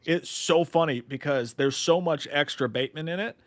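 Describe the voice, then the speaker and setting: A man's voice: on the high side, moderate pace, dry recording. A man co-hosting a live movie news stream, chatting casually, swearing freely, laughing often and reading viewer comments aloud.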